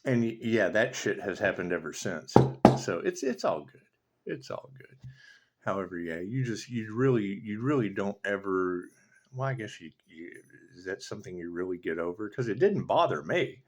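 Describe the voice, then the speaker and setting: A tarot reader launches into a casual spiritual rant, sardonic and profane, rambling from one thought to the next. His voice is fairly low, animated, and moderately paced.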